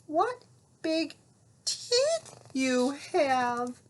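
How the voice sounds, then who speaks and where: A woman reading a storybook aloud, voicing a careful, wide-eyed young girl who speaks slowly. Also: high-pitched, big pitch swings, slight background noise, voice pushed up, full character voice. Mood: wondering. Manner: slow and careful.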